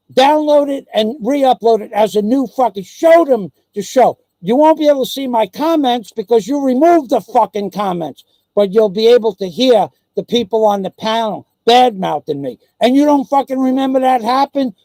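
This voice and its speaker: High-voiced man in a furious swearing rant. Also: warm tone, no echo. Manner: furious, swearing constantly, mocking others. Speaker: vlogger. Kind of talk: angry profane rant.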